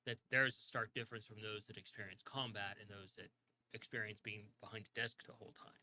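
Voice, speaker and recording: A man's voice: fairly low pitch, fairly even intonation, quick pace, bright, forceful tone, a little hiss or hum, rough recording. A man running a tabletop game as game master, narrating in a rambling way with many restarts. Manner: rambling, full of fillers and restarts.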